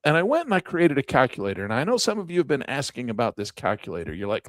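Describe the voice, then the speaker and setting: A man teaching high-yield investing as he walks through calculators on screen, animated and repetitive, with self-mocking asides. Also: fast, few pauses, no echo. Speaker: finance educator. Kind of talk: casual screen-share tutorial.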